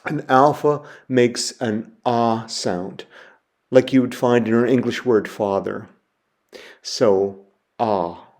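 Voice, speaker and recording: A man giving a recorded lecture, walking through letters slowly and methodically, repeating each example word. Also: medium pitch, fairly even intonation, darkish tone. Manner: slow, methodical, spelling sounds out and repeating words. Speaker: teacher.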